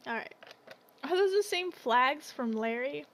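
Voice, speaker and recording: Playful high-voiced woman streaming a game. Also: expressive, unhurried, a bit bright, slight background noise. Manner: playful, reads characters aloud. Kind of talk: live game playthrough with voiced reading. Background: game music.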